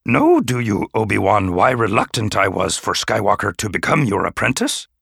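A man voicing an ancient, small alien sage who is stern yet dryly gentle, speaking in inverted word order with thoughtful hums. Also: on the low side, big pitch swings, normal speed, vocal fry, breathy edge, no echo, clean studio sound, exaggerated voice. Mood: probing.

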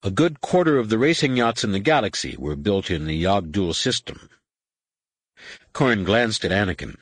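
A man narrating an audiobook with an expressive, varied delivery. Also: fairly low pitch, moderate pace, slightly rough, dry recording. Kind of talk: scripted narration.

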